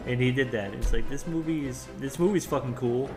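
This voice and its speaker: A man's voice: medium pitch, fairly quick, music in the background. A man co-hosting a podcast in casual chat, blunt and profane as he chimes in. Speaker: podcast co-host.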